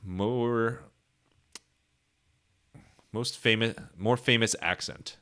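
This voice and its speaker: A man's voice: mid-range voice, steady tone, very slow, sharp tone. A man from Ohio hosting a casual podcast interview, chatty and laughing, with plenty of fillers and restarts. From Ohio, United States. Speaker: podcast host.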